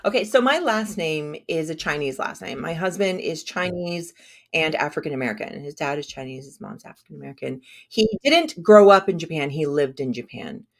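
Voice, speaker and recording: A woman's voice: deep voice, lively intonation, brisk, creaky. A woman whose first language is Spanish, chatting as a guest on a podcast in a self-deprecating, filler-heavy way. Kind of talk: casual podcast conversation.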